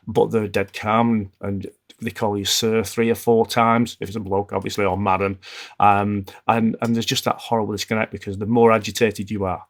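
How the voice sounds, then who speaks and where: A man speaking as a podcast guest, telling stories in a calm, smooth, measured way with frequent restarts. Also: fairly low pitch. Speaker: podcast guest, former hostage negotiator. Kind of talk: conversational interview storytelling.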